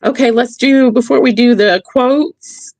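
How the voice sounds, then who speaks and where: A woman's voice: on the high side, unhurried, no room sound. A woman hosting a motivational livestream. She repeats her key phrases and keeps checking in with her listeners. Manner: addresses listeners warmly as "y'all". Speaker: livestream host. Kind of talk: motivational reflection talk. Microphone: streaming mic.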